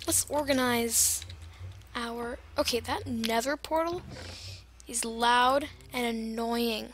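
High, bright, rambling young woman gamer. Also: takes it slowly. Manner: rambling, giggly, silly tangents. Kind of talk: casual gameplay commentary.

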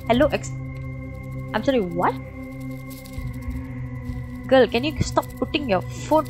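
A young woman with a Malaysian English accent, commentating a horror game, jumpy and swearing constantly with loud startled reactions. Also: a little high, big pitch swings, a little slow, pauses often, over music. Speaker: gaming streamer.

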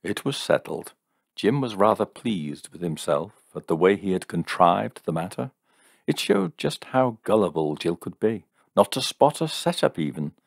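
Male narrator, very deep voice, dry close recording, steady storytelling. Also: moderate pace, creaky, no room sound. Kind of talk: audiobook narration of a short story.

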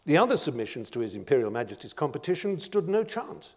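A man giving a lecture as a guest speaker, telling stories in a dramatic, expressive way. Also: on the high side, fast, husky, in a large hall. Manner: dramatic, expressive storytelling with lists. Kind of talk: storytelling lecture. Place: lecture hall.

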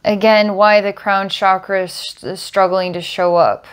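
A woman working as a psychic healer, calmly describing visions during a guided healing session. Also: mid-range voice, measured pace, clear, resonant tone. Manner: calm, descriptive, storytelling visions.

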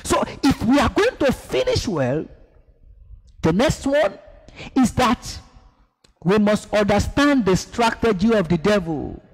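A man's voice: high voice, sing-song, takes it slowly, long pauses. A man preaching a sermon, emphatic, asking the congregation to repeat after him and acting out scenes. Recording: echoey hall.

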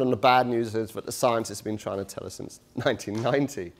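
A man's voice: mid-range voice, brisk, hardly any pauses. A middle-aged man giving a university lecture in a conversational, self-deprecating way, with many fillers and restarts. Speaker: guest lecturer. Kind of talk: public lecture. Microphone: touchy handheld mic.

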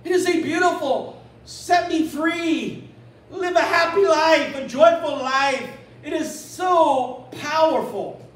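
A man preaching a sermon as pastor, animated, acting out a scripture story in quick little voices. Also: very high-pitched, slight background noise. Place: church. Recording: echoey church room from a distance.

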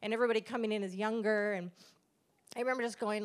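A woman's voice: mid-range voice, steady tone, fast talker. A middle-aged woman, a pastor's wife, giving an earnest, conversational testimony at church and acting out the dialogue she quotes.

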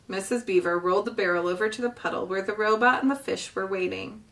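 A woman reading a children's novel aloud with gentle, expressive storytelling. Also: mid-range voice, quick pace, hardly any pauses, far from the mic. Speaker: storybook reader.

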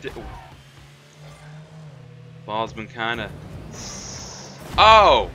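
Excitable young man calling out his game. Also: medium pitch, a little slow, music in the background. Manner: excitable, trash-talking, says "man" and "mate" a lot. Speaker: gamer. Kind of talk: live gameplay commentary.

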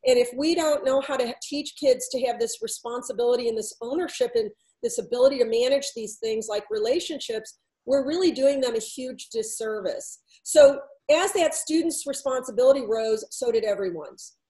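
A woman with a high, light voice tells a story from her consulting work. She relays the back-and-forth of a conversation, moving between her own lines and the other speakers'. It is unscripted storytelling talk from a middle-aged speaker. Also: moderate pace, warm tone, rough recording. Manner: recounts dialogue, shifting between herself and others. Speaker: workplace consultant.

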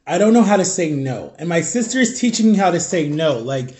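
Congested man, slightly high voice, halting confessional vlog from home. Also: lively intonation, mellow. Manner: rambling, halting, searching for words. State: congested, stuffy nose. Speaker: vlogger. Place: at home, eating on camera.

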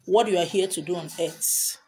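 A woman's voice: on the low side, moderate pace, a little mellow. Emphatic Nigerian woman teaching. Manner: emphatic, repetitive, switching into Pidgin and Igbo. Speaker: spiritual teacher. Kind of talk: social media talk.

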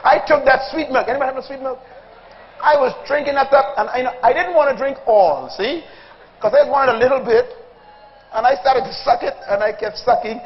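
Extremely high in pitch and a little fast, a male pastor's voice fills a reverberant church hall with a dull-sounding recording that carries slight hiss or hum. Preaching humorously to the congregation, he tells animated childhood stories, performs character voices and calls out to listeners.

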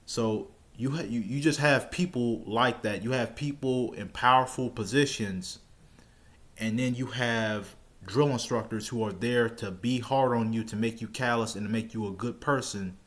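A man telling a personal story in an easygoing vlog style. His voice sits at an ordinary middle pitch. He rambles, restarts phrases and repeats words as he talks. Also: moderate pace, fairly bright tone. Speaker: storytelling vlogger. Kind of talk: casual first-person storytime.

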